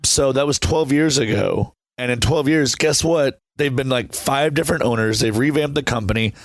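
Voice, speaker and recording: A man's voice: medium pitch, normal speed, no echo. Brash self-mocking man, dry sound. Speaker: podcast guest, reality show contestant and band member. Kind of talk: casual conversational storytelling.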